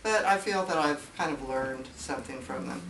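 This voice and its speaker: An older woman speaking as guest at a writers' meeting, chatty and animated, acting out quoted voices as she tells stories. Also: deep voice, moderate pace. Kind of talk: casual storytelling talk. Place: meeting room. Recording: far-off mic in an echoey room with faint noise.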